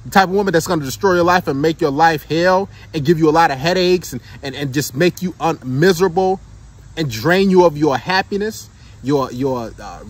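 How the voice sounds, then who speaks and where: A man with a high, husky voice lectures men on dating in a preachy monologue. He hammers each point home and keeps checking in with "right?" and "okay?". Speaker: dating advice commentator.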